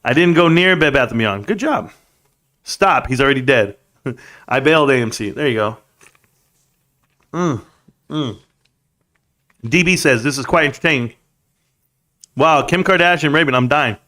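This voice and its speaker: A man in his forties hosting a casual live stream, rambling and reading out comments, swinging between loud and soft. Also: medium pitch, expressive, measured pace, long pauses.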